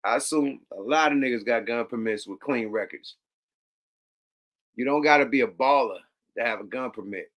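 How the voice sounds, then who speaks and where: A man's voice: medium pitch, moderate pace, fairly bright tone. A man hosting a casual commentary show, reacting to clips with profane, laughing remarks.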